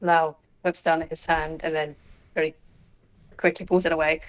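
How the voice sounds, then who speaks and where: A woman's voice: low voice, little pitch movement, moderate pace, poor audio. A woman playing a tabletop role-playing game, narrating her character in a chatty, fond way. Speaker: tabletop player.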